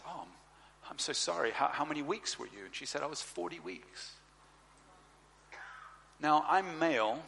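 A man telling a personal story in a sermon, animated and acting out the other voices in his story. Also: medium pitch. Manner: animated storyteller, acts out dialogue. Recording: long hall reverb.

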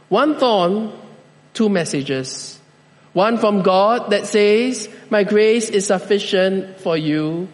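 A male pastor with a high voice delivers a slow, deliberate sermon. He lets his phrases land one at a time with measured pauses. His voice rings out with the long reverb of a large church hall.

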